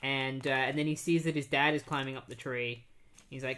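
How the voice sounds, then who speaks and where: A man's voice: mid-range voice, fairly even intonation, fairly quick, sharp tone. A man casually recapping comic issues on a podcast, rambling with many fillers and restarts. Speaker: podcast host.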